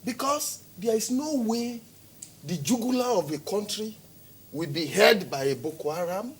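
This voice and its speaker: With a faint hiss or hum in the background, a high-voiced man with a Nigerian accent argues forcefully as a security expert in a TV studio interview. He keeps firing rhetorical questions and repeating words to push his points.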